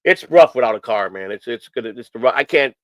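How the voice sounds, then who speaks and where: A man's voice: medium pitch, lively intonation, quick pace, no echo, dull audio. Rambling, earnest man talking. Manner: rambling, repeats phrases, many restarts; earnest and emotional. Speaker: host of a morning stream show. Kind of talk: casual rambling talk.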